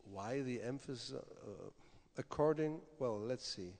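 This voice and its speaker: A man gives a conversational scripture lecture, his gravelly, creaky voice carrying through the long reverb of a temple hall. He keeps checking in with his listeners through quick rhetorical asides. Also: mid-range voice, lively intonation, a little mellow. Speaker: spiritual teacher giving a scripture class.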